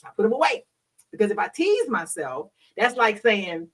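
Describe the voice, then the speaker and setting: Speaking at a moderate pace in an animated mid-range voice, a middle-aged host who is also a hospital worker gets bawdy, preachy and candid with her audience, laughing often. She's recorded from a distance and the audio is rough.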